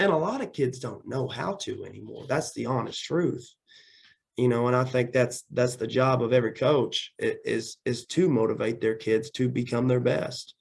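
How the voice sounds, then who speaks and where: A man's voice: medium pitch, moderate pace, gravelly. A man who coaches football and teaches, answering interview questions energetically and often repeating words as he restarts.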